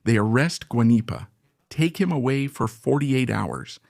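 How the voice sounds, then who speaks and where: Male commentator, gravelly, dry close sound, insistent and repetitive, asks rhetorical questions. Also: mid-range voice, animated, measured pace, a little mellow, no echo. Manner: emphatic, repeats points and fires rhetorical questions. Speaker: political commentator. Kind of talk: opinionated current-affairs commentary.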